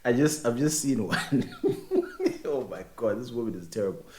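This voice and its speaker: A man's voice: mid-range voice, expressive, moderate pace, a little mellow, roomy sound, slight background noise. A man co-hosting a casual podcast, reading out text messages and laughing at them. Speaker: podcast co-host. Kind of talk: casual chat.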